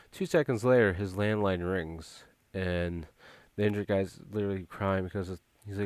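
Man, very low voice, dry close sound, casual movie recap, rambling with fillers. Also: fairly even intonation, a little fast, a little mellow, no echo. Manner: rambling, frequent filler words and restarts.

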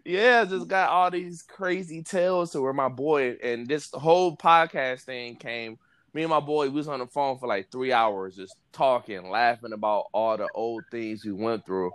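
A man's voice: medium pitch, moderate pace, a bit bright, clean tone, no room sound, studio quality. A man hosting a podcast, telling laid-back slangy stories and laughing often, with speech. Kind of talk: casual storytelling chat. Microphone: phone app recording.

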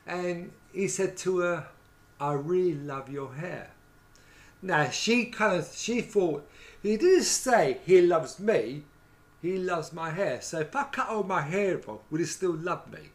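A man's voice: high voice, expressive, a little slow. A middle-aged man, telling rambling anecdotes about his years as a hairdresser in a casual chat. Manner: rambling storyteller, many fillers like "right?" and "you know what I mean?". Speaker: former hairdresser telling stories.

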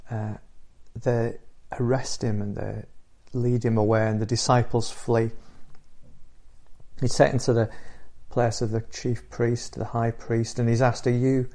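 Low, flat-voiced earnest male preacher. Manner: earnest, measured storytelling with pauses. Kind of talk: sermon retelling the Easter story.

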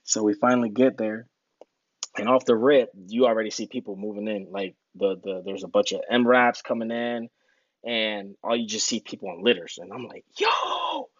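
A man telling war stories in a casual podcast interview, animated and laughing, acting out other people's lines in a raised voice. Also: normal speed, no room sound. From United States. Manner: animated storyteller, acts out quotes in high voices, laughs often. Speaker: guest. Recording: dull lo-fi podcast audio.

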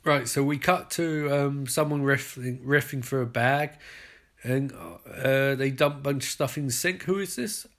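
A British man hosting a podcast, giving an excitable, sarcastic, sweary running commentary on a show. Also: mid-range voice, a little slow. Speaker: podcast host.

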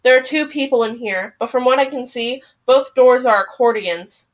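A male firefighter at a crash gives a quick, urgent, matter-of-fact report, read aloud by a woman in her own fairly high voice. This is from a storybook reading. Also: lightly acted.

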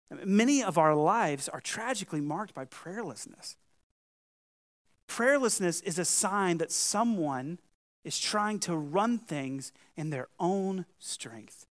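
A man with a Southern US accent preaching a sermon to his congregation, conversational and full of questions to his listeners. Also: fairly high pitch. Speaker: pastor. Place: church hall.

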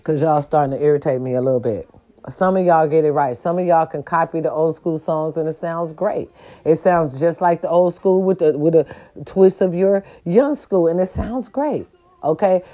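A woman's voice: low-pitched, normal speed, warm tone, muffled recording, soft background music. A woman, ranting to her viewers in a sassy, profane and emphatic casual monologue. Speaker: vlogger.

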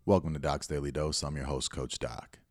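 A middle-aged man with a very low, deep voice talks straight into a dry, close mic. He hosts a motivational podcast and tells his story in an earnest, encouraging way. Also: steady tone, normal speed, no room sound. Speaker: podcast host and youth football coach.

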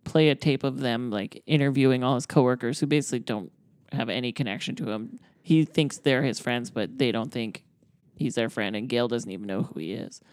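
Very low-voiced woman, dry delivery. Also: brisk, darkish tone, no room sound. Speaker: podcast co-host. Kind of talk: casual movie recap chat.

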